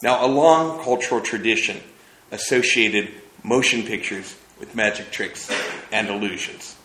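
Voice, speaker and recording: Lower-voiced man lecturing, hesitant. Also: a little slow, bright, forceful tone, echoey room, poor audio. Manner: thoughtful, hesitant, many uh fillers. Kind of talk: academic lecture with slides.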